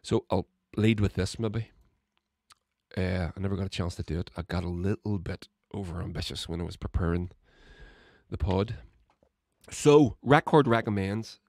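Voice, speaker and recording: A podcast host rants on his own about politics, cursing constantly and working himself up to shouts. His low voice has vocal fry and a moderate pace, and the studio-quality audio has no echo.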